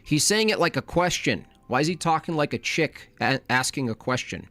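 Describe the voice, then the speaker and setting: A man's voice: on the high side, very animated, normal speed, hardly any pauses, pushed and bright, dry recording. A man reacting to a clip, ranting with sarcastic questions. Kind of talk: casual reaction commentary.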